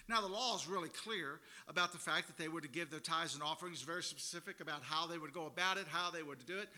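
A man's voice: fairly high pitch, fast, few pauses, bright, forceful tone. A middle-aged man preaching a sermon in a conversational, informal way, often restarting his sentences. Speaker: pastor.

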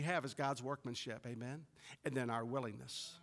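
A middle-aged man preaching a sermon, building to emphatic peaks and then dropping soft and low. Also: steady tone, moderate pace. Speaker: pastor. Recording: long reverb of a large hall.

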